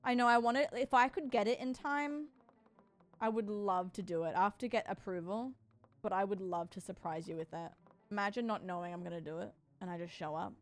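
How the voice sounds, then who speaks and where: A woman's voice: medium pitch, brisk. A woman streaming, chatting casually with viewers in a bubbly, playful way. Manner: bubbly and playful, talks to chat. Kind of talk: casual sponsored livestream chat.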